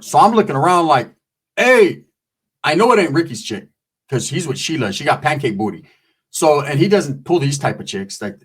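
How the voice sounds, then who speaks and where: A man telling a comic story in a casual, profane, slangy way, breaking into squeaky voices when he quotes people. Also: slightly rough.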